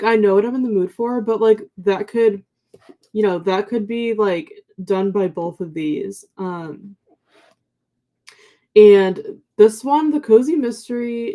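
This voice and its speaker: Young woman host, mellow sleepy morning voice, chatty filler-heavy livestream talk. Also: medium pitch. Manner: chatty, many ums and likes, warm thanks to viewers. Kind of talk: casual livestream chat reading viewer comments.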